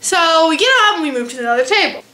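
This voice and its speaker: A teenage girl vlogging, telling a funny travel story in a casual, animated, self-mocking way. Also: extremely high pitch, fast talker. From United States. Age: teens.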